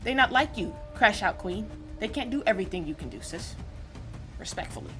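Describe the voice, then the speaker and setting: A woman hosting a sports reaction stream, talking casually in slang and swinging between loud outbursts and low mutters. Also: expressive, a little fast, soft background music. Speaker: sports reaction channel host. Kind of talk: casual live reaction commentary.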